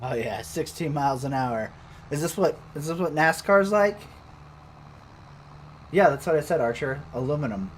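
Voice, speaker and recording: A man's voice: on the high side, normal speed, long pauses, a little hiss or hum. A man streaming a farming game, chatting casually and swearing freely with co-players. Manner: profane, rambling banter. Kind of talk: casual gameplay chat.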